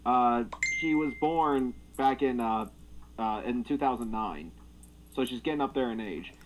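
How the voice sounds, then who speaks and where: A man co-hosting a casual livestream chat, teasing and joking with deadpan asides. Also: medium pitch, measured pace, slight background noise, poor audio. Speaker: co-host.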